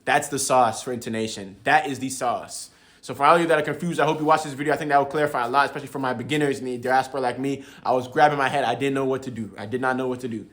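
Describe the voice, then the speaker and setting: A man's voice: medium pitch, fairly even intonation, rapid-fire, fairly bright tone, slight background noise. A young man casually explaining tones to his viewers in a laid-back, chatty way, often chuckling and calling them bro. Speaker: language learner teaching viewers.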